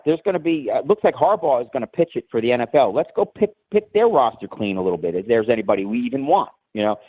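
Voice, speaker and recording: A man from New Jersey calling in to a show, rambling and halting with many restarts. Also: mid-range voice, no room sound. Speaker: caller. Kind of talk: call-in rant. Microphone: phone. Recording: tinny phone line.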